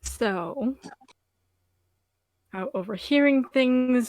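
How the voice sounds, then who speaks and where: A woman playing a tabletop game in character, speaking in a halting, formal way. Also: medium pitch, no echo. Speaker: player. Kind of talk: in-character role-play.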